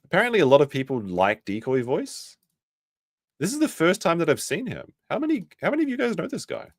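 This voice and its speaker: A man's voice: fairly high pitch, huge pitch swings, fairly quick, dry recording, clean studio sound, faint music behind. A man streaming casual reaction commentary, reading news aloud and adding sarcastic, rambling asides.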